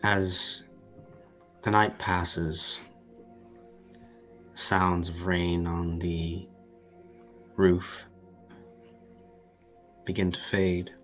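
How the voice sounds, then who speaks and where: Game master, very deep voice, slow and flat narration over faint music. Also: male voice.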